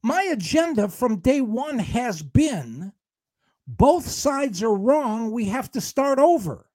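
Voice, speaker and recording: A male co-host argues heatedly on air, his pitch jumping around a lot as he defends himself. The sound is dry and close, with no room around it. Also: sing-song, darkish tone, no echo. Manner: defensive, combative, fast rants. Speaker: radio show co-host.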